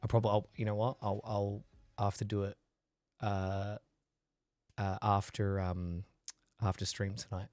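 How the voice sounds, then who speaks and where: Low-voiced chatty man, coughing. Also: little pitch movement, unhurried, pauses often, darkish tone, dry recording, soft background music. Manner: rambling, chatty, reads and answers chat. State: recovering from a chest infection, coughing. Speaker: livestream host. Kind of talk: casual chat with live viewers.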